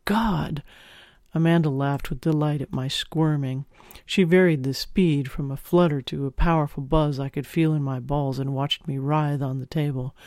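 Male audiobook narrator, first person, intimate and expressive, gravelly edge, dead-dry close mic. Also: fairly high pitch, no room sound.

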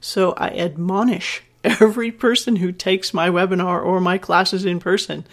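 With a steady tone and moderate pace, a fairly low-voiced woman past fifty advises a podcast listener. The sex educator is candid and direct, reassuring as she teaches and recounts her own experiences.

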